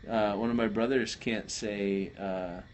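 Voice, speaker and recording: A man's voice: lowish voice, steady tone, unhurried. A man co-hosting a late-night livestream, casually chatting, joking and teasing. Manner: joking, teasing, laughs a lot. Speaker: livestream co-host.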